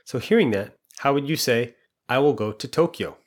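A man's voice: medium pitch, lively intonation, moderate pace. A man explaining a language lesson patiently and step by step, asking quiz questions and walking through the answers. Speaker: language teacher.

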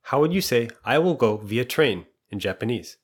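A man teaching a language lesson in a calm, even-paced way, laying out each point clearly. His voice sits at an ordinary middle pitch, and he pauses to ask quiz questions before walking through the answers. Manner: patient, clear step-by-step explanations with quiz questions.

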